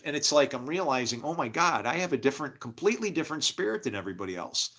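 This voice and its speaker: Excitable man preaching in bright tones. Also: mid-range voice, quick pace, few pauses. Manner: excitable, swings from mumbling to shouting, laughs to himself. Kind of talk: rambling religious monologue.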